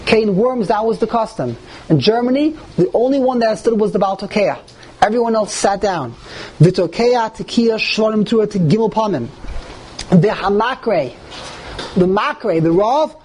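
A man with a notably high voice leads a lecture for a live group, reading passages aloud and breaking them down with lively emphasis. His delivery is animated and insistent. A faint hum of background noise sits under his voice. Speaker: religious teacher.

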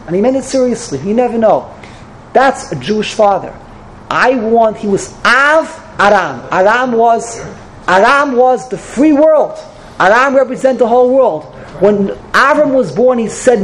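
A woman teaching a Torah lecture in an animated storytelling manner, with sudden high exclamations and many Hebrew and Yiddish terms. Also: measured pace, a little hiss or hum, low-quality recording.

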